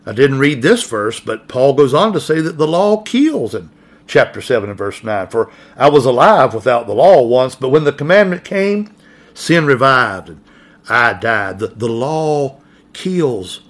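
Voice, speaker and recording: A man preaching a sermon, reading scripture in a measured voice and stressing key phrases slowly. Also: mid-range voice, big pitch swings. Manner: slow, emphatic, repeating key phrases.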